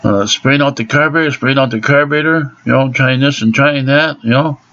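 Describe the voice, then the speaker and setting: A man's voice: mid-range voice, brisk, pushed and bright. A man angrily ranting about a botched car repair, swearing heavily. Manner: angry, profane ranting. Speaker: angry car owner. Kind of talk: ranting vlog. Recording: dull lo-fi recording.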